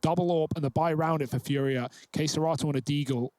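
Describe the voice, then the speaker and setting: A man casting an esports match with quick, conversational play-by-play and joking banter. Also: fairly high pitch, fairly even intonation, a little mellow, no echo. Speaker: esports caster.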